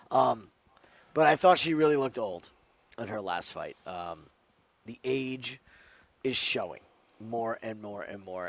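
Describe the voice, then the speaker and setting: A man talking casually as a sports betting analyst, telling scenarios with animated rises and then dropping low at the ends of lines. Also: no room sound. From New Jersey. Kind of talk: casual podcast chat.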